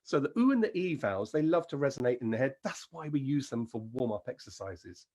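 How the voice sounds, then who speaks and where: A man with an English accent leading an encouraging vocal warm-up lesson as a singing teacher. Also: mid-range voice, sing-song, brisk, slightly rough. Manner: encouraging, demonstrates sounds and sings.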